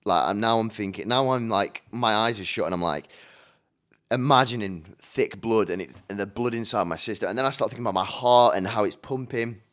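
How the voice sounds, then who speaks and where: A man talks on his own into a microphone, in a lowish voice that stays smooth and clean. He rambles casually, often restarting his sentences and swearing now and then. It sounds like a relaxed solo podcast. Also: a little fast. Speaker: podcast host. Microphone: studio microphone.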